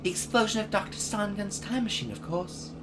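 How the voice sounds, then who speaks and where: A woman's voice: medium pitch, a little fast, heavy background noise, voice pushed up, close to an everyday voice. A woman reading an eager young boy apprentice. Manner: reading the lines aloud, lively. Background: game music.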